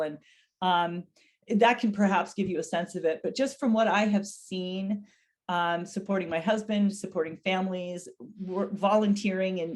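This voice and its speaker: A woman's voice: fairly low pitch, darkish tone. A middle-aged woman giving an educational webinar on dementia care, speaking earnestly and acting out example phrases in a raised voice.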